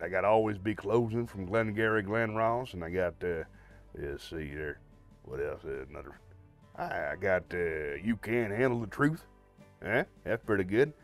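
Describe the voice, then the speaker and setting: A man hosting a livestream, chatting to viewers in a friendly, rambling way with many fillers. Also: lowish voice. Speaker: livestream host. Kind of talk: casual chat to viewers.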